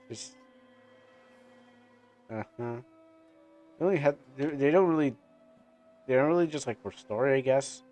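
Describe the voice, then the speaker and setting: A man's voice: medium pitch, measured pace, pauses often, darkish tone, soft background music. A man streaming a game, rambling through casual commentary with lots of fillers and restarts. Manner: rambling, many fillers and restarts, laughs often. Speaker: gaming streamer.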